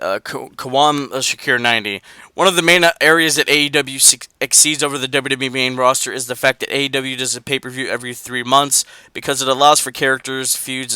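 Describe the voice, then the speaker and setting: Excitable male co-host with a bright, crisp voice and a dry close mic. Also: mid-range voice, dry recording. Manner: excitable, reads listener messages aloud. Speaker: podcast co-host. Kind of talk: casual wrestling podcast chat.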